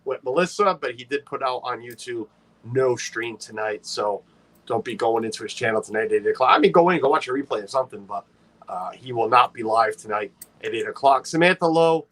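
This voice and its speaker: A man's voice: mid-range voice, expressive, fairly quick, fairly bright tone. A man hosting a casual livestream, chatty and playful, greeting viewers by name and teasing his co-host.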